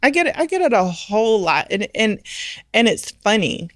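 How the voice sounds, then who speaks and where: A woman's voice: medium pitch, very animated, normal speed, no echo, clean studio sound. A middle-aged woman, a bar owner, speaking candidly and emphatically in an interview, often using rhetorical questions. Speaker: guest, restaurant and bar owner.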